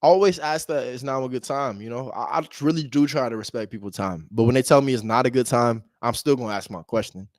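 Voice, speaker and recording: Young man, American, casual vlog chat, slangy and easygoing, medium pitch, dry close recording. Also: brisk, few pauses, dry recording. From United States. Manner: laid-back slangy, laughs often, talks to viewers as "bro". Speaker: real estate wholesaler cold calling. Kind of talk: casual vlog talk between phone calls.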